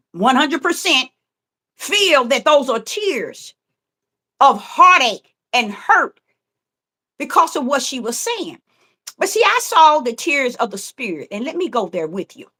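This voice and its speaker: A woman's voice: high-pitched, pushed and bright. A middle-aged woman, preaching fervently online with rhythmic, repetitive emphasis. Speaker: self-styled prophetess preaching online. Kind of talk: impassioned preaching.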